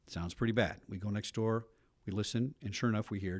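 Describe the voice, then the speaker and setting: A middle-aged man, a retired police officer, telling stories in a documentary interview with brisk asides. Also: fairly low pitch, steady tone, no echo. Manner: brisk storytelling with frequent asides.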